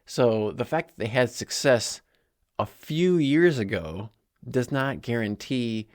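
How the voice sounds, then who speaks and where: A man hosting a sports podcast, talking through a game in a casual, animated way with asides. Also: mid-range voice, takes it slowly. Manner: conversational, animated, with asides and small laughs. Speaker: podcast host.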